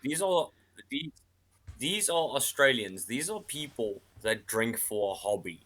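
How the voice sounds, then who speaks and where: A man's voice: mid-range voice, big pitch swings, measured pace, fairly bright tone. A man, a comedian on a panel, riffing emphatically and repeating phrases as he builds up jokes.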